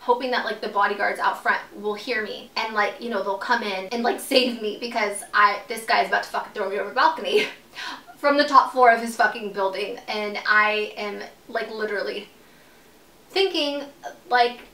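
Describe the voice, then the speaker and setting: A woman's voice: medium pitch, normal speed, sharp tone. Profane young woman vlogger, echoey room. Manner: casual, profane, heavy use of "like". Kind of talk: storytime vlog. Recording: echoey room, mic at a distance.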